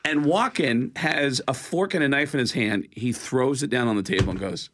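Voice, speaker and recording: A male comedian and impressionist telling comic stories in a casual chat, animated and laughing along. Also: medium pitch, moderate pace, a little hiss or hum. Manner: animated, slips into voices, laughs while telling.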